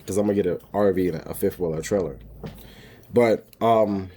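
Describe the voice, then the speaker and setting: A man's voice: low voice, moderate pace, warm tone, slight background noise. A man vlogging about his homestead, telling a personal story in a casual, rambling way with frequent restarts and laughs.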